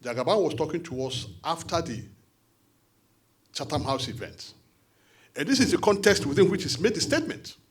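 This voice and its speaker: Animated Nigerian man addressing a forum. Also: on the high side, slightly rough. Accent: Nigerian English. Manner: animated, conversational, quick asides. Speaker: diaspora party official addressing a support forum. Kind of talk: addressing a meeting.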